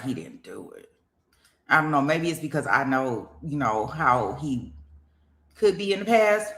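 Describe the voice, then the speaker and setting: Low but a bit bright, this middle-aged woman's voice carries a casual livestream on a trial. She's chatty, thanks her donors, talks right to viewers, and rambles with lots of fillers and restarted lines.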